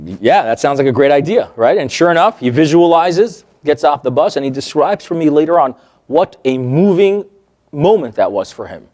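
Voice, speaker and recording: A man with a slightly high-pitched voice leads a therapy workshop, telling client stories with animation. He acts out what people said and keeps checking in with his listeners. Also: moderate pace. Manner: animated, acts out quoted remarks, checks in with the audience. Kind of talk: lively workshop lecture told through client stories.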